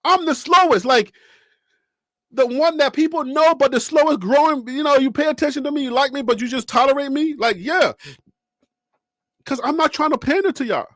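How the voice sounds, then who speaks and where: A man hosting a sports talk channel, talking straight to his viewers and chat in a lively, animated way and laughing often. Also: extremely high pitch, normal speed, no room sound, studio quality. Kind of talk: casual live-stream commentary.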